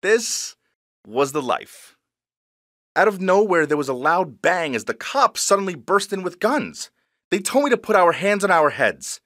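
A man recounts a first-person tale with an animated, lively delivery. His voice sits slightly high, and the pitch swings widely from phrase to phrase. The sound is close and dry, with no room around it. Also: unhurried, no room sound. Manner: expressive, animated storytelling. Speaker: storyteller. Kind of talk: first-person scripted story narration.

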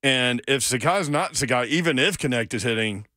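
A man's voice: medium pitch, lively intonation, normal speed, pushed and bright, no echo, clean studio sound. A man hosting a sports radio show, talking in an easygoing, conversational way. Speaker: radio host. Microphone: studio mic.

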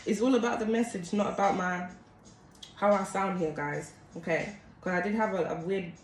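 A woman giving a casual tarot reading to her viewers, chatty and often calling out to them as guys. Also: mid-range voice. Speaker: tarot card reader. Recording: echoey room with steady background noise.

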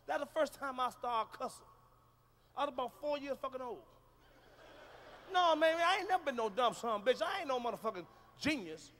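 A man doing a loud, profane, animated stand-up comedy routine on a live stage. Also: extremely high pitch, fairly quick, a little hiss or hum.

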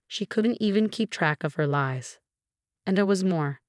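Lower-voiced woman narrating a story. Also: animated, unhurried, dry recording, clean studio sound. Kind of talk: scripted first-person story narration.

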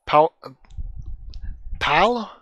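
A man's voice: a little high, animated, very slow, bright, forceful tone, dry recording. A man hosting a casual gameplay stream, wry and blunt, with dry asides and casual swearing. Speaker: streamer host.

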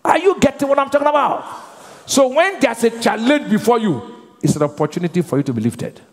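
A man's voice: very high-pitched, lively intonation, a little fast. A male pastor preaching a sermon, drawing the congregation into call-and-response by leaving his sentences open for them to finish. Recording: long reverb of a church hall.

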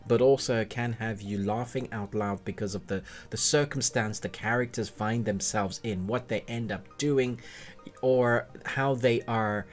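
A man giving a casual, enthusiastic spoken review of a TV series, rambling a little and restarting his sentences. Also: lowish voice.

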